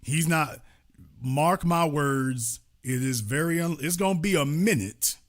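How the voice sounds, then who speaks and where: A man's voice: a little high, measured pace. A man hosting a show who delivers a political commentary monologue in an emphatic, repetitive, preaching manner. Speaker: host.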